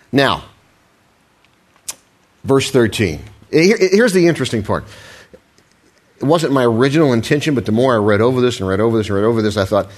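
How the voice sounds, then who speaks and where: A man preaching a conversational sermon, with frequent restarts, asides and questions to the congregation. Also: mid-range voice. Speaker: pastor.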